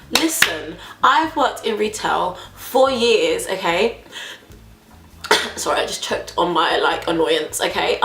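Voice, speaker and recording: Woman, storytime vlog, animated, dramatic, higher voice, echoey room. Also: normal speed. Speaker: vlogger.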